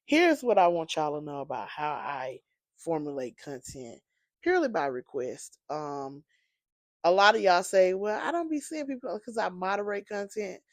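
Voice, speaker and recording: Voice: medium pitch, very animated, a little slow, dry recording, clean studio sound. A sleepy, yawning podcast host and apostle, rambling conversationally through a casual solo monologue with many fillers.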